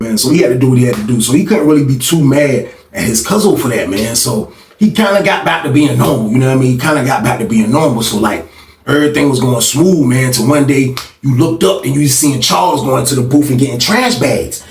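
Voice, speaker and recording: Man, casual storytelling, quick pace, distant mic, echoey room. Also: faint music behind. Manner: animated, acts out other people's voices with big pitch jumps.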